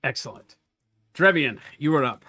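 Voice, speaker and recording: A man's voice: medium pitch, expressive, moderate pace, bright, forceful tone, no echo, soft background music. A man hosting as game master, upbeat and encouraging.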